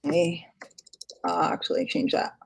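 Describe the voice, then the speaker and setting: A woman's voice: moderate pace, noisy background. A woman hosting a casual live stream, chatty and giggly, talking as she works on screen. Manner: chatty, giggly, self-deprecating. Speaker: host. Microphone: computer mic, screen sharing.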